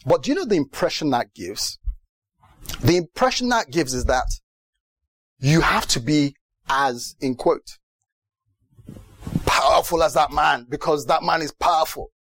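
A man from Britain preaching a sermon in a lively way, often asking the audience if they understand. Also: on the high side, a little slow, pauses often, no echo. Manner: lively, mimics other preachers, asks the audience questions.

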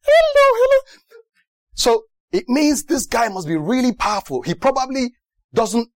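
A man from Britain preaching a sermon in a lively way, often asking the audience if they understand. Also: very high voice, normal speed, no echo. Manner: lively, mimics other preachers, asks the audience questions.

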